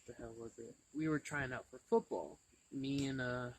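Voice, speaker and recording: A man hosts a relaxed chat and tells an old story with lively energy. His pitch sits in a middle range, and he laughs freely as he talks. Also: moderate pace, rough recording. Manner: animated storyteller, laughs often. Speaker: channel host.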